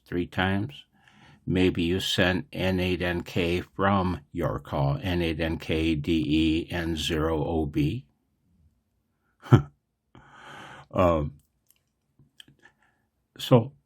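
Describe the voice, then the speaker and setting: A man in a casual, rambling vlog, explaining radio operating in a chatty, digressive way. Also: low voice.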